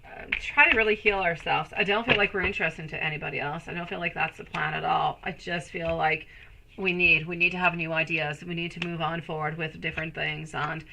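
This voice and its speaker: A woman in her thirties doing a live tarot reading, soft and soothing, calling viewers sweetie and turning bubbly when she greets the chat. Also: deep voice, steady tone, brisk, vocal fry, background noise. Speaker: tarot reader.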